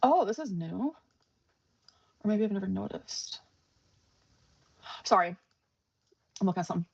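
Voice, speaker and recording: A woman's voice: mid-range voice, lively intonation, moderate pace, gravelly, pauses often, slightly rough, dry recording, muffled recording. A woman hosting a casual live stream, greeting viewers and chatting with frequent fillers.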